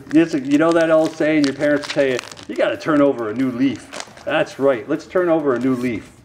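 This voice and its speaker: Rambling dad chatting to camera. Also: male voice, mid-range voice, moderate pace, darkish tone, a little hiss or hum. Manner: rambling, self-mocking, folksy asides to viewers. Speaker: dad opening trading card packs on camera. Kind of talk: casual chat to camera.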